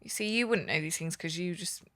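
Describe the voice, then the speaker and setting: A woman's voice: lowish voice, fairly quick, fairly bright tone, dry recording. A young woman from Hereford, England, a tattoo artist chatting as a podcast guest, telling stories with lots of fillers. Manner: chatty storyteller, fillers and laughs. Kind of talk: casual chat.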